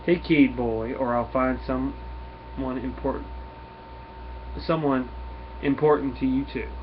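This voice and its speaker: A man's voice: medium pitch, fairly even intonation, slow, close to an everyday voice. A man reading as a ruthless alien slaver captain. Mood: threatening. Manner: cold threatening commands. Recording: dull lo-fi recording, faint hiss.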